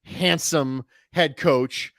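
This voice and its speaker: A man hosting a casual sports podcast, talking in an animated way with quick jokey asides. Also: a little high, no room sound, clean studio sound. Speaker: show host.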